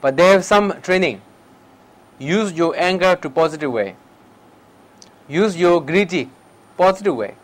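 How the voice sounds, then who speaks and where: High-pitched male meditation teacher, plain broken English, short repeated lines, questions the room. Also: animated, unhurried, long pauses, rough recording. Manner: questions the listeners directly. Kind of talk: public talk on meditation.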